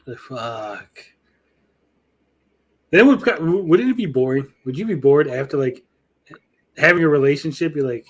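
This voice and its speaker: A man in his thirties hosts a loose after-show podcast, swearing freely and acting out quotes as he tells his stories. His voice sits a little high for a man. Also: lively intonation, a little slow, pauses often. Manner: swearing, storytelling, acts out quotes. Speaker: podcast host. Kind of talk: casual crude banter.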